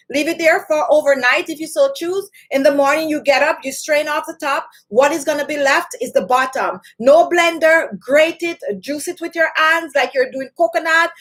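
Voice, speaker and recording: Woman, beauty host, high voice, chatty, repeats herself, instructive. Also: fairly bright tone. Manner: addresses viewers by name. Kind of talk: casual talk to camera.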